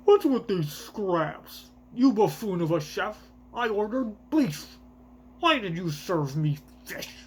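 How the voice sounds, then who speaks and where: Guy putting on a nasty jowly rich noble, whiny and stuck up, pitched up, faint hum behind. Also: very animated, takes it slowly, exaggerated voice. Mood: pompous, indignant. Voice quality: ugly, pompous. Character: spoiled jowly male noble, whiny and cruel.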